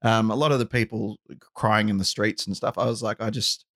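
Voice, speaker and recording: Gravelly-voiced man in rambling chat. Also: lowish voice, steady tone, a little fast, fairly bright tone, dry recording, studio quality. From outside the US. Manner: rambling, with frequent "right?" asides. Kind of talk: casual conversation.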